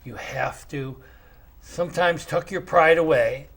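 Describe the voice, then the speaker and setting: A man's voice: fairly high pitch, measured pace, vocal fry, a bit bright. A man in his sixties hosting a casual interview, chatty and sympathetic as he asks his guests questions. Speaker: talk show host.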